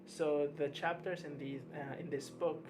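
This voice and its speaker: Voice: medium pitch, fairly even intonation, a little slow. Book vlogger, casual review chat, stammering restarts, candid, faint hum behind. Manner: hesitant, with frequent stammered restarts and fillers; candid and mildly exasperated about books.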